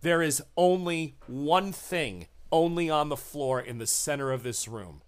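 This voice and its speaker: Slow, high-toned man narrating a horror game. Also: clean tone. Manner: unhurried, descriptive, laughs with players. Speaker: game master.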